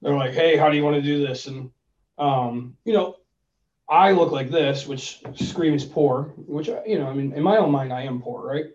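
A man's voice: fairly high pitch, moderate pace, reverberant. A man co-hosting a casual money talk, telling stories and acting out both sides of phone calls. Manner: animated storyteller, acts out phone calls. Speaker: podcast co-host giving money advice. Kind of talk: casual chat. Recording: distant mic, dull lo-fi sound.

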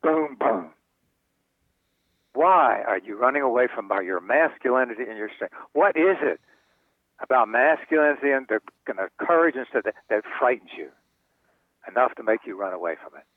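An older author, appearing as an interview guest, tells stories in a mid-range voice at a normal speed, animatedly performing the voices of the people he quotes. The sound comes through a tinny, dry phone line with no echo.

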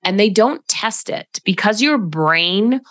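A woman's voice: mid-range voice, animated, takes it slowly, fairly bright tone, no room sound, clean studio sound. A woman hosting a solo podcast, talking in a reflective coaching tone and often checking in with "right?". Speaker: podcast host.

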